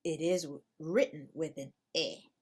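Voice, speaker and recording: A native English-speaking woman teaches at a whiteboard, slowly and deliberately explaining a rule, patiently repeating it and posing playful questions. Her voice is low, husky, and darkish, with fairly even intonation and a measured pace.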